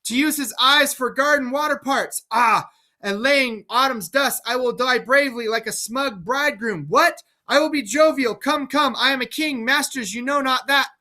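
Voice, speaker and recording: A man voicing a wild, frantic old king, declaiming theatrically in a high, excited voice. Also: normal speed, exaggerated voice. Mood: manic.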